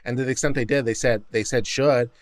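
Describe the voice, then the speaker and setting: A man's voice: medium pitch, fairly even intonation, quick pace. A man hosting a reaction show, giving casual commentary in a sarcastic, incredulous rant. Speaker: host reacting to court audio.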